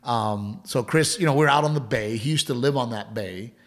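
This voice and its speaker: This man's voice sits at medium pitch, a bit bright, at a normal speed. Co-hosting a podcast, he rambles through a family story with lots of restarts, repeated words and laughter.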